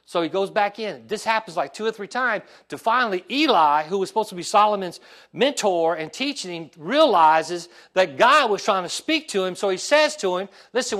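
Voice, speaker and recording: A pastor with a high voice preaches a sermon in a church sanctuary. His delivery is animated and broken up by call-and-response asides.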